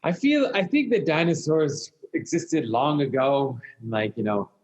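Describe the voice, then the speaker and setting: A man's voice: on the high side, animated, a little slow, a little mellow. A man being interviewed as a podcast guest, answering hesitantly with lots of "like" and "you know". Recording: dull lo-fi sound.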